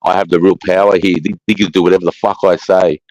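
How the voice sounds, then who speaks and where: A middle-aged Australian man, once an army sergeant, swaps war stories in casual conversation, bluntly and with nonstop swearing, tacking "mate" onto everything. His voice is deep and flat, moving at a quick pace with a darkish tone. The recording is rough but has no echo.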